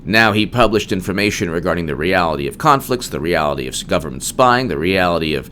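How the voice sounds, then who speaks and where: A man's voice: low voice, expressive, fast, sharp tone, a little hiss or hum. A man hosting a solo political commentary monologue, emphatic and digressive, with frequent restarts.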